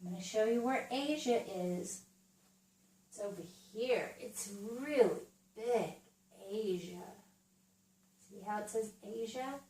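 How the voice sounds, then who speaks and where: A woman Montessori teacher walks through a children's geography lesson, speaking slowly and gently and pausing often. She is recorded from some distance in a room with a noticeable echo, and her voice sits at a middle pitch. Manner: slow, patient, speaks as if to a small child. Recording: roomy, from away from the mic.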